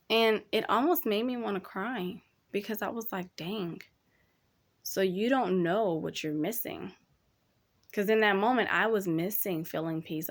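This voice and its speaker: A young woman hosting a casual advice talk, speaking candidly and chattily, addressing listeners as y'all. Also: medium pitch. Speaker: podcast host.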